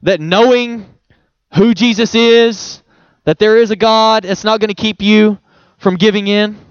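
A young male pastor with a high voice gives an everyday sermon to a congregation, staying conversational with rhetorical questions and quick chuckles. Recorded close to the mic with no echo, his voice is steady and clean but sounds dry and slightly dull.

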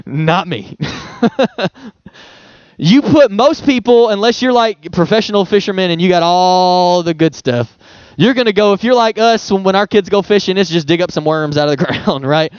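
A man's voice: high voice, animated, moderate pace, smooth, no room sound, highs cut off. A male pastor giving a sermon in a conversational, playful way, with homely examples.

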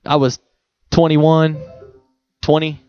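A young man with a high voice preaches in a church, keeping it conversational with rhetorical questions and quick chuckles. His voice sounds dry and slightly dull, close to the mic. It comes across as an everyday sermon to a congregation. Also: monotone, clear, resonant tone, no echo, faint music behind. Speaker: pastor.

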